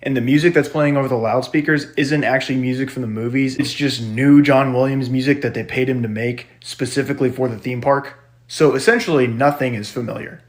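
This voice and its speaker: A man giving brisk, explanatory commentary in a social media video clip. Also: medium pitch.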